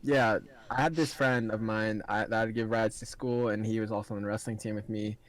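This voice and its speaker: A man's voice: on the low side, fairly even intonation, fairly quick, rough recording. A young man co-hosting a casual podcast, telling a story and laughing as he goes. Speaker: podcast co-host.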